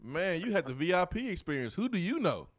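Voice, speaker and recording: A man's voice: sits high, very animated, a little fast, no echo, clean studio sound. Upbeat man hosting a sports show. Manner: casual, upbeat, opinionated. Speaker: sports talk show host. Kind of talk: live sports talk show. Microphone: studio mic.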